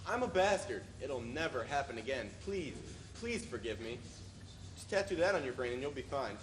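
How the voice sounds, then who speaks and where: A man playing a cynical husband who lectures with sardonic certainty, his voice rising and falling widely. It echoes across the stage, and a steady noise runs underneath. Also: medium pitch, normal speed, lightly acted. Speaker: actor in a student stage play. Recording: echoey, noisy stage recording.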